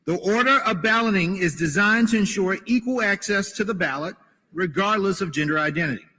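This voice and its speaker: Man reading out voting rules, kinda high voice, long hall echo, formal and a bit halting. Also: sharp tone. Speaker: party official announcing election rules. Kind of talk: reading a prepared procedural statement. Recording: clip with long hall reverb.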